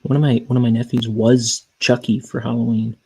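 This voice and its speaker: A man's voice: mid-range voice, little pitch movement, a little fast, creaky, warm tone, breathy edge, low-quality recording. A young man chatting casually on a livestream, rambling and self-deprecating, with hesitant restarts. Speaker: cartoonist streamer.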